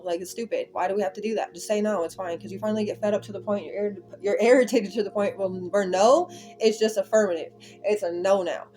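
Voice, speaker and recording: A woman's voice: on the low side, a little mellow. A woman giving a casual spiritual tarot reading, talking emphatically and rambling with lots of repetition. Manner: emphatic, rambling, repeats herself. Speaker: tarot reader.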